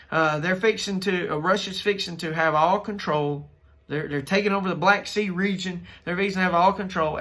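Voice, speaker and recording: A man's voice: high voice, sharp tone. A man with a Southern US accent preaching an impassioned monologue, fervent and emphatic, driving points home by repeating phrases. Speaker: minister.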